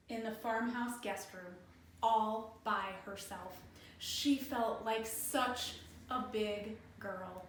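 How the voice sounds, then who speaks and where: A woman librarian telling a folk tale for children, animated and inviting them to join in, in an echoey room from a distance. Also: fairly high pitch. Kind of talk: children's storytime narration.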